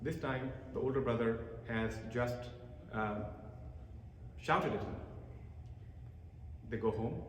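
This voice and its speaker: A man's voice: medium pitch, slow pace, pauses often, slight background noise. A man giving a talk on emotions to an audience, telling stories and acting out the quoted voices of the people in them. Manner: acts out quoted voices, animated storytelling. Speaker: lecturer. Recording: echoey hall with long reverb.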